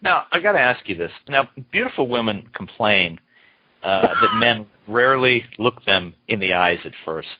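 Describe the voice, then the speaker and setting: A man's voice: fairly low pitch, big pitch swings, moderate pace, very noisy. Easygoing male interview host, dull lo-fi sound. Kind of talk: casual interview questions.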